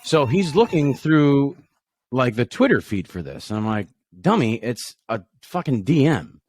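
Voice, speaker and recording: A man's voice: medium pitch, sing-song, unhurried, a little mellow, breathy edge, dry recording. A man co-hosting a podcast, telling teasing, profane stories in casual banter. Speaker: podcast co-host.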